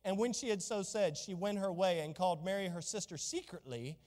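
A man's voice: high voice, fairly quick, a little mellow, big-room sound. A man preaching a sermon as pastor, fervent and exclamatory, reading and explaining scripture.

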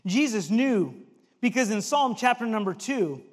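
A man's voice: high-pitched, very animated, unhurried, long reverb tail. A male preacher giving an emphatic sermon and reading scripture aloud.

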